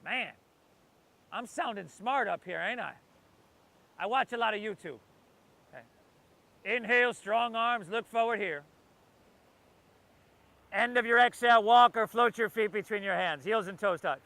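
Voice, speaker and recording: Man, yoga instructor, high bright voice, jokey and loose between breath cues, class by the ocean. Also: a little slow, creaky, long pauses. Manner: playful, joking asides between breath cues. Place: outdoors by the ocean.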